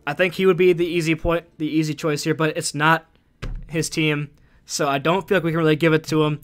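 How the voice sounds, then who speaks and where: A man doing play-by-play commentary as an esports caster, excitable and rising to shouts on big plays. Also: a little high, brisk.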